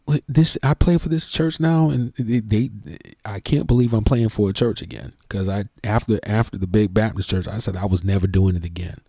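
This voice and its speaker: A middle-aged church organist talking earnestly and emotionally to the camera, in a heartfelt, preachy way. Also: male voice, lowish voice, brisk, hardly any pauses, warm tone, husky, no echo, clean studio sound. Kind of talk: heartfelt casual talk to camera.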